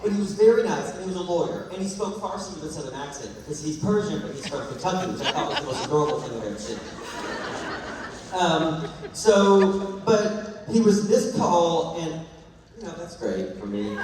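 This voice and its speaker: A man's voice: a little high, far from the mic. Rambling man telling stories in an echoey hall. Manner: animated, rambling, laughs through his stories. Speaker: actor answering fan questions at a panel. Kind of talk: comedic storytelling on stage. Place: large convention hall with audience.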